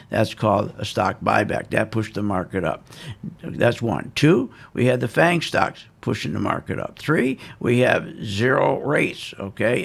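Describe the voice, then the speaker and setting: A man's voice: on the low side, creaky, slightly rough. A man giving casual, emphatic and self-assured stock market commentary, repeating his points.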